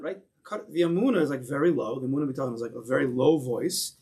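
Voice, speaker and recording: A man with an American accent teaching a Torah class to a congregation in a synagogue, speaking in an animated way and asking his listeners rhetorical questions. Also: mid-range voice, fairly quick.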